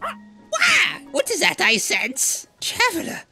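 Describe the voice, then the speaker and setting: A sky-high, sing-song merchant creeps up on the traveler, leaning into every word with eager greed. His voice swoops wildly between notes, slow and syrupy, with faint game music behind. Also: wildly swooping pitch, creaky, pushed and bright, exaggerated voice. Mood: wheedling. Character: creepy eager male merchant sensing gems.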